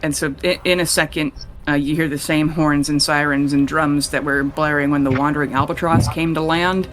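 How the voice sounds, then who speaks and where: A man's voice: fairly high pitch, flat delivery, normal speed, fairly bright tone, faint music behind. A young man running a tabletop game as game master, narrating casually and swearing freely. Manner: casual, swears freely, voices characters in passing.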